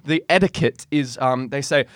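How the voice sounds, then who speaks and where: A man's voice: medium pitch, dry recording, clean studio sound. A man hosting a podcast, chatting casually and rambling through jokey stories. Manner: rambling storyteller, quick and jokey. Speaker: podcast host. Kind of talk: casual chat.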